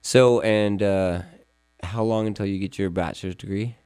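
A man with a low, mellow voice hosts a studio radio interview, stumbling through his questions with ums and restarts. The sound is close and dry. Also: steady tone, clean tone, no echo. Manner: halting, many fillers and restarts. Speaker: radio show host and attorney.

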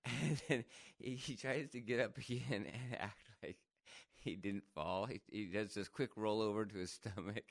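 A man telling a funny story in casual chat, laughing often and jumping higher when he quotes people. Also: normal speed, creaky, no room sound, studio quality. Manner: animated, laughs often, jumps to higher pitch for quoted voices.

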